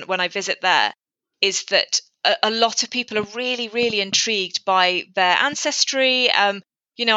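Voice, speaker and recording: Bright-voiced woman author, dry sound. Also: medium pitch, no room sound, dull audio. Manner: thoughtful, with frequent restarts. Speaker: author guest. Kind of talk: casual interview chat. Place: lives in North Wales.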